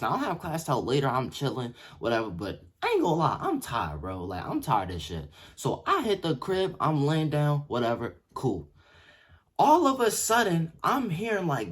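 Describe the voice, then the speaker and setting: A young man telling a story in a casual, slangy way, swinging from yelled quotes to low mutters. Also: wildly swooping pitch, normal speed, breathy edge. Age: young adult. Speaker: vlogger. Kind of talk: animated storytime.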